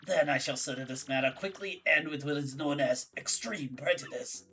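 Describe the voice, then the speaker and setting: A woman voicing a gravelly old male mob boss creature in a video game, with a raspy, menacing drawl. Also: low voice, moderate pace, fairly bright tone, distant mic, slight background noise. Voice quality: raspy Godfather-style mumble.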